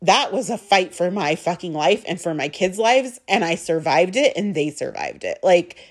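A woman's voice: fairly low pitch, lively intonation, moderate pace. Emotional young woman telling her story. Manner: emotional, emphatic, swears, repeats for stress. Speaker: mother telling a personal story. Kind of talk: storytime monologue.

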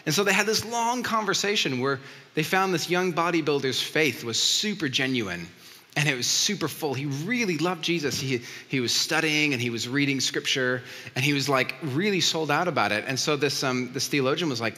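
Preacher, male, bright tone, chatty storyteller, echoing hall sound. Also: mid-range voice, a little fast. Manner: conversational storytelling, acting out quotes. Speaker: pastor. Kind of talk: sermon. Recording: long reverb of a hall.

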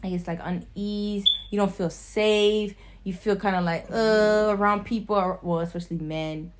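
A woman's voice: medium pitch, fairly even intonation, moderate pace. A young woman talking casually and openly, her voice climbing and dropping with emotion. She swears freely and strings her thoughts together with lots of "like". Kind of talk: casual chat.

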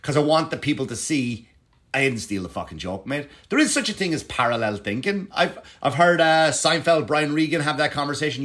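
A man's voice: fairly high pitch, lively intonation, brisk, a bit bright. Rambling, profane male comedian. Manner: profane, digressive, frequent restarts. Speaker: stand-up comedian. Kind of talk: casual rambling monologue to camera.

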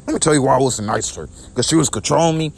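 A man's voice: medium pitch, very fast, vocal fry, slightly rough. A young man venting to his viewers in a repetitive, aggrieved way, often stumbling and restarting his sentences. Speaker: vlogger. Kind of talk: personal rant to camera.

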